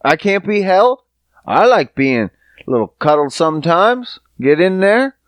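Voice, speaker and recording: A man's voice: high-pitched, sing-song, a little slow, dry recording. A man hosting a podcast who talks to his listeners in a casual, rambling monologue, swearing freely and joking. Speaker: podcast host.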